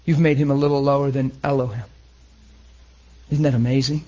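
A man preaching a sermon, emotional, swinging between loud and hushed. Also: mid-range voice, steady tone, brisk, highs cut off.

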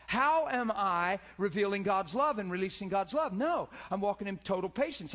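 A middle-aged male pastor preaching a sermon, swinging from loud calls to hushed, near-whispered lines. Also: high voice, animated, a little fast, few pauses.

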